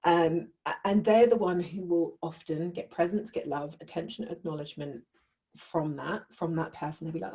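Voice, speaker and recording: A woman's voice: deep voice, moderate pace, mellow. A woman teaching a live group in a conversational way, often checking in with her listeners. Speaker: workshop leader.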